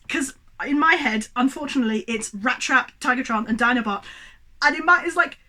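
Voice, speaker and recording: A young woman with a high, bright voice rants about a film at home, getting more exasperated as she goes. She talks in a worked-up, sweary way, straight into a camera on a tripod. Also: a little fast. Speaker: movie reviewer. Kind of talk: animated ranting movie review.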